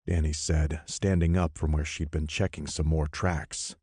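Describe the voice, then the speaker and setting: A man reading a horror audiobook as narrator, measured and expressive. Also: rumbling low, breathy edge, no echo, studio quality. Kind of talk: scripted narration.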